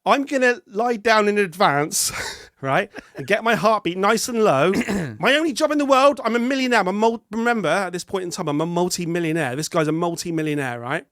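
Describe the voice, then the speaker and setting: A high-voiced man co-hosts a podcast, chatting casually about films in an animated way and laughing easily. The recording is close and dry, with no room sound.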